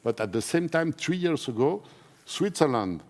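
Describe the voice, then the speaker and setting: A man who speaks natively, talking in an emotional conference interview, earnest and halting, often repeating himself. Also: a little high, sing-song. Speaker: interviewee, whistleblower. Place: conference stage.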